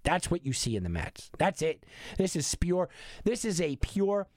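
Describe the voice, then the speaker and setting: A man delivering an opinionated sports betting monologue, animated and arguing with himself, with frequent restarts. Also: high-pitched, measured pace, no room sound, studio quality.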